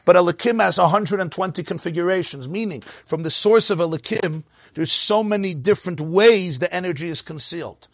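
A man with a high voice teaches a Torah class close to a dry microphone. He talks in an animated way, fires off rhetorical questions and answers them himself, and his voice rises and falls a lot. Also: a little fast, hardly any pauses, dry recording. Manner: lively rise and fall, laughs often.

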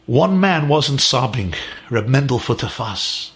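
A man's voice: mid-range voice, animated, a little slow. Emphatic man telling a sermon story. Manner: emphatic, repetitive lists.

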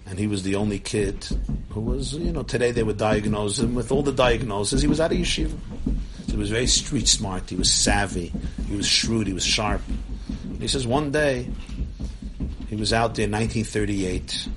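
A man tells a story to listeners. He is animated and acts out the people he quotes. Faint ambience sits behind him. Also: lowish voice, moderate pace, background noise. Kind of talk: storytelling talk.

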